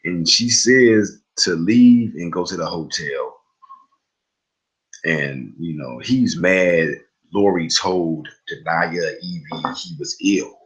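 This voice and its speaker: A man with a very low voice talks through a TV episode in a relaxed, conversational recap. He rambles a little, drops fillers and side comments, and keeps it informal. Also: slow, rough recording. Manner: chatty, loose storytelling with fillers and asides. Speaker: TV recap host.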